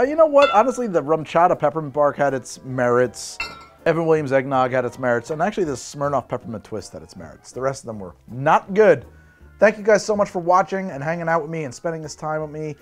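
A man hosting a casual spirits tasting vlog, joking and breaking into laughs as he talks. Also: on the high side. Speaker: host.

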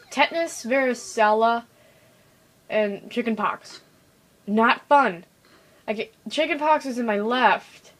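Excitable young woman narrating her game. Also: on the high side, low-quality recording. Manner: chatty, excitable, jumping between loud outbursts and mumbles. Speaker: gaming video host. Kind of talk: casual gameplay commentary.

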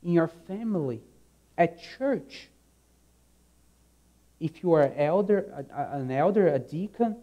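Earnest low-toned male preacher, slow and mellow. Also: highs cut off. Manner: earnest, emphatic, repeats key phrases, drops to soft low endings. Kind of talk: sermon.

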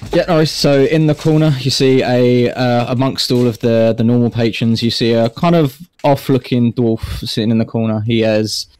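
A man's voice: mid-range voice, fairly even intonation, normal speed, hardly any pauses, darkish tone, smooth, no echo. A young man who plays in a tabletop game and describes his character in a rambling way, full of ums and likes. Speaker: player.

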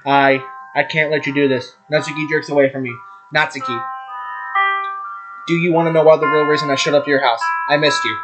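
A young man, a gaming YouTuber, reads a visual novel aloud fast, stumbling over names, swearing at his slips and laughing at himself. His voice is on the high side with a steady tone, and game music plays behind him.

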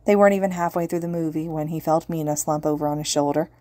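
A woman narrating a story in a steady audiobook style. Her voice is low and mellow. The recording is close and dry. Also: fast talker, no room sound. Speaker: podfic reader.

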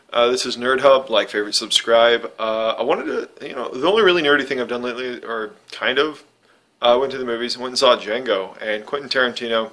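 A man's voice: mid-range voice, a bit bright. Rambling man chatting offhandedly to camera. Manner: rambling, filler-heavy, offhand. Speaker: vlogger reviewing a movie. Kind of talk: casual rambling chat.

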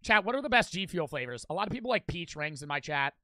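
A man's voice: on the high side, sing-song, fast talker, sharp tone, dry recording. A young man livestreaming, chatting loosely and crudely with his chat, reading out donations and a little out of breath. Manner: loose, profane, talks straight to chat. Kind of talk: casual live stream chat, reading donations.

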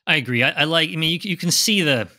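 A man's voice: fairly high pitch, fast, pushed and bright. A man co-hosting a podcast who asks his partner questions, often stumbling and repeating words as he talks. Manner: inquisitive, stammers and repeats words. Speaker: podcast co-host. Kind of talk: casual conversational chat.

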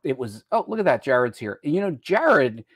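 Speaking at a moderate pace, this American live-stream host has a medium, slightly rough, very animated voice. He rambles through a casual chat, leaping from topic to topic mid-sentence, captured in dry, studio-quality audio.

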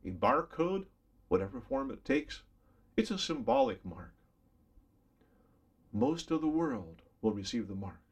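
A man's voice: on the low side, very animated, a little slow, long pauses, slightly rough. A man preaching a Bible study sermon in an earnest, emphatic way, often addressing the listener directly as a friend.

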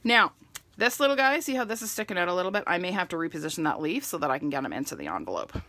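A middle-aged woman hosts a live stamping demonstration, chatting warmly and greeting viewers by name as she works. Her voice is bright and sharp, with pitch that swings up and down. The sound is close and dry. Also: sing-song, very fast, no echo.

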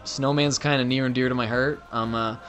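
A man's voice: medium pitch, steady tone, a little fast, fairly bright tone, faint music behind. A young man doing profane, joking let's play commentary on a game. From Canada. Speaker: gaming commentator.

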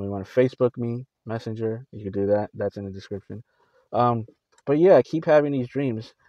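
A man on a Christian video channel recounting his dreams in a casual, halting way, with many fillers and restarts. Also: medium pitch, a little mellow, no room sound, muffled recording.

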